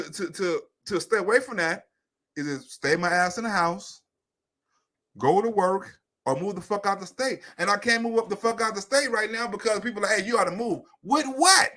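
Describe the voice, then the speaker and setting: A man hosting his own online comedy show, talking off the cuff in a rambling, profane monologue with frequent laughs. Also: sits high. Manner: profane, rambling, animated, laughs between points. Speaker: comedian and YouTube host. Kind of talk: unscripted livestream monologue.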